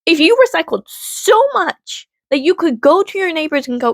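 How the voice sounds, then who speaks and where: A woman ranting on her vlog from home, rambling and swearing, swinging from low mutters to loud, exasperated outbursts. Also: sing-song, normal speed, few pauses, dry recording. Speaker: vlogger.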